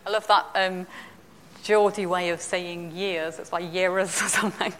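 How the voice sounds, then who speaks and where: A woman's voice: on the low side, steady tone, a little slow, fairly bright tone, in a large hall. Chatty woman leading a church talk. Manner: chatty, laughs easily, self-deprecating. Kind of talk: casual all-age church talk.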